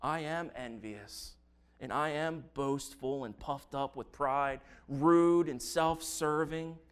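A man delivering a sermon at an unhurried, deliberate pace. His voice sits at an ordinary middle pitch. He reads scripture with earnest, emphatic weight. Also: fairly bright tone, clear, resonant tone. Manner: slow, earnest preaching with emphatic scripture reading. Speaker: pastor.

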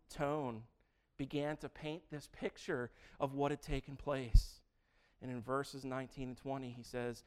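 A male preacher delivering a sermon with emphatic, drawn-out phrasing and a sarcastic, playful sense of humor. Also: mid-range voice, fairly even intonation, clean tone.

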